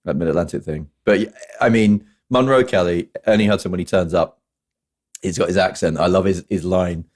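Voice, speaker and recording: A man's voice: sits low, a little fast. A man hosting a casual film review podcast, chatty and full of trivia, quoting lines in put-on voices. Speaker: podcast host.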